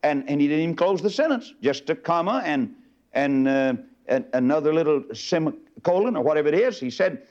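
An older man preaching a fiery, emphatic sermon, swinging from loud high bursts down to low murmurs. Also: expressive, brisk. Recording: dull lo-fi sermon tape.

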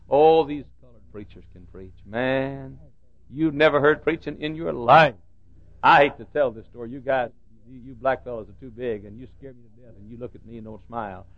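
A man's voice: mid-range voice, creaky. An older man preaching a sermon with humorous storytelling and rhythmic repetition, in a muffled lo-fi recording.

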